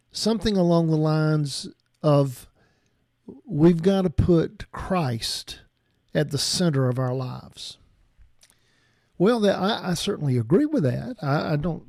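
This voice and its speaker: Guy preaching real slow, warm mellow tone, kinda higher voice, dry close sound. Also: no room sound. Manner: slow and reflective, with frequent restarts. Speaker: pastor. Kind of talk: sermon.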